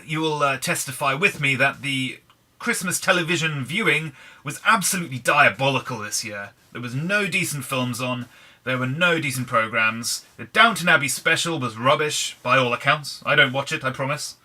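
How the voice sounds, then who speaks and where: An English gaming channel host plays Minecraft while offering casual, wry, self-deprecating commentary. His voice is a little high with a sharp tone.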